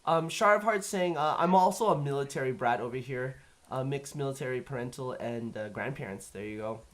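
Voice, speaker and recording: A man with a Canadian accent hosts a live-stream chat, rambling through long stories packed with fillers and restarts. His mid-range voice is brisk and fairly bright.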